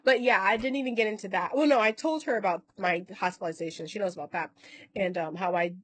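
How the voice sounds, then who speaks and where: A woman's voice: mid-range voice, quick pace, a little hiss or hum. A woman vlogger telling a long personal story in casual talk, rambling, correcting herself and swearing now and then. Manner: acts out other people's lines in quoted voices.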